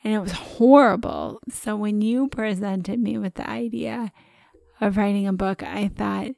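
A woman co-host talking in a chatty, animated way, often breaking into laughter. Her voice has a noticeable gravelly fry. The sound is dry and close to the mic. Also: mid-range voice, a little slow, no echo. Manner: chatty and expressive, with frequent laughs. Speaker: podcast co-host. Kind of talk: casual conversation.

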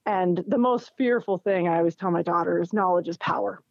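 A middle-aged woman with a fairly low, fry-tinged voice talks briskly as an interview guest, telling a personal story and animatedly acting out what others said, laughing along. The recording is a dull, dry lo-fi one with no echo.

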